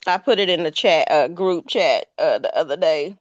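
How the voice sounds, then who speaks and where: A woman's voice: deep voice, normal speed, no room sound, highs cut off. A woman co-hosting a podcast, chatting casually and reacting with exclamations to news clips. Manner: expressive, exclaims and laughs often. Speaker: podcast co-host.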